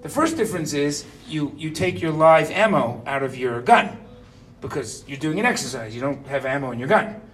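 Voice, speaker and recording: Recorded from a distance over soft background music, a fifty-something man shares a personal anecdote with his audience. His voice is a little high and fairly bright, with lively intonation and a moderate pace. He keeps chatting and asking "right?".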